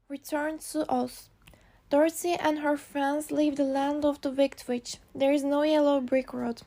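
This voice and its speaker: A woman's voice: high-pitched, mellow. A woman narrating a simple storybook for English learners, reading in a plain, careful way.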